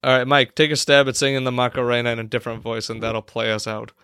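A man hosting a casual podcast, teasing his co-hosts in a quick, playful way. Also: mid-range voice, steady tone, vocal fry, fairly bright tone, clear, resonant tone, no echo, studio quality. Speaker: podcast host. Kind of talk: casual chat.

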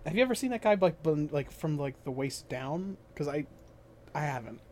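A man co-hosting a casual comedy podcast, riffing crudely in a deadpan way with lots of fillers. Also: fairly high pitch, normal speed, slight background noise. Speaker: podcast co-host.

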